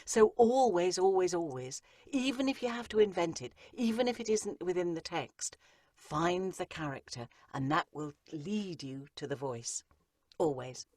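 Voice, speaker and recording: A woman's voice: on the low side, expressive, measured pace, a little mellow, dry recording, studio quality. A middle-aged Englishwoman, an acting coach talking through her craft in an interview and slipping into playful voices to make her points. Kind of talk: interview on a podcast.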